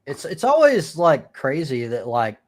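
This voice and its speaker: A man's voice: a little high, huge pitch swings, unhurried. A man from the United States hosting a live stream, chatting crudely and rambling with restarts. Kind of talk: casual crude chat.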